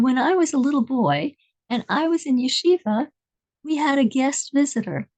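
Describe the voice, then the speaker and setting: A woman's voice: sits high, warm tone, low-quality recording. A woman telling an inspirational story in a conversational lesson, meandering as she searches for details.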